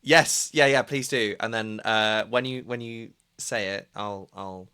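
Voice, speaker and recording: A stream host wrapping up an interview chat with a guest, warm and encouraging. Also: mid-range voice, fairly even intonation, a little slow, smooth.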